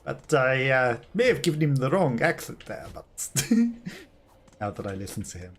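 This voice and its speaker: A man's voice: medium pitch, huge pitch swings, measured pace, a little hiss or hum. A man streaming a video game, giving rambling, self-mocking commentary and laughing often. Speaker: let's play streamer. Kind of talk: casual gameplay commentary.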